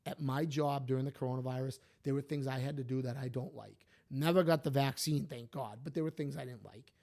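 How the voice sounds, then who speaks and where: A man, co-hosting a podcast, telling stories and opinions in an animated, emphatic way. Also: medium pitch, brisk, vocal fry. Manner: animated, emphatic, repeats himself. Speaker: podcast co-host. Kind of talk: casual opinionated storytelling.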